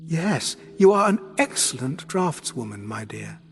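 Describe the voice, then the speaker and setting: Guy putting on a calm alien lady minister, clear pleasant voice, bit smug. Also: fairly high pitch, unhurried. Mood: placid. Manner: calm, placid, faintly complacent. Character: calm, placid alien woman minister in human form.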